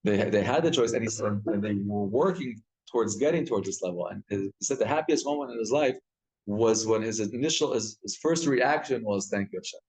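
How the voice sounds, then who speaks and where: A man, a rabbi, teaching a live Torah class with animated storytelling, often repeating and restarting words. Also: on the low side, a little fast, low-quality recording. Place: synagogue study hall.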